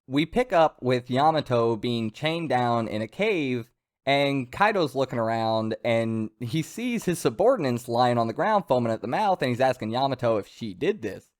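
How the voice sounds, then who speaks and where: Chatty enthusiastic male manga reviewer. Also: mid-range voice. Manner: chatty, enthusiastic, many fillers and restarts. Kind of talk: casual spoken chapter review.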